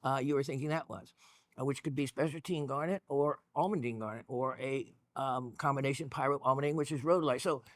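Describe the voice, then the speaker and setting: A man's voice: mid-range voice, a little fast, no room sound, studio quality. A man hosting a gemstone show, talking in a rambling, encouraging way with lots of fillers and restarts. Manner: chatty and encouraging. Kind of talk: casual educational talk.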